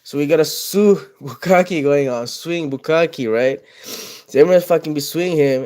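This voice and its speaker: A man's voice: a little high, moderate pace, darkish tone. A man talking casually while drawing, rambling from tangent to tangent with plenty of swearing and chuckles. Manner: profane, tangent-hopping, chuckling often. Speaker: artist drawing on video.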